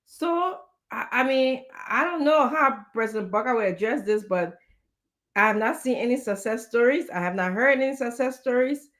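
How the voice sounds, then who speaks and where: A woman, a guest giving measured political commentary on a talk show. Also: fairly high pitch, expressive, fairly bright tone. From Liberia.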